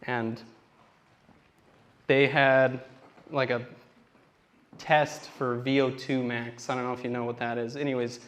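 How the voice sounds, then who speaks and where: A man's voice: medium pitch, level tone, measured pace, long pauses, a bit bright. A young man doing a stand-up comedy set on a theater stage, telling rambling, self-deprecating stories and acting out what people said. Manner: rambling self-deprecating storytelling with acted-out quotes.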